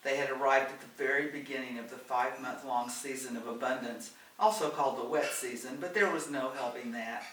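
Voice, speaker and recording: A man's voice: mid-range voice, fairly even intonation, brisk, hardly any pauses, bright, forceful tone. Man reading a novel in a roomy echo. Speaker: audiobook reader. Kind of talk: novel read aloud. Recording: roomy, distant, faint hiss.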